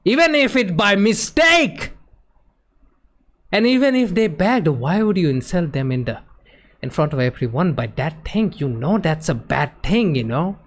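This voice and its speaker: A man streaming, telling a personal story in an emotional, animated way and acting out the other people's voices. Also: high voice, a little slow. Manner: emotional, animated retelling that acts out quoted voices. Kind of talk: casual storytelling on a live stream.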